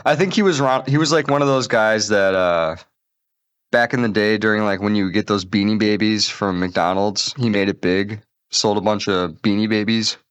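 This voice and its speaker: A man's voice: fairly low pitch, moderate pace, a bit bright, clean tone, no room sound. Male comedy podcast host, crude and rambling, dry close-mic sound. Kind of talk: casual comedic banter.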